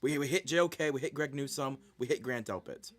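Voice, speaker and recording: A man's voice: mid-range voice, a little fast. A young man hosting a live sports stream, venting his frustration over a draft in a repetitive, ranting way.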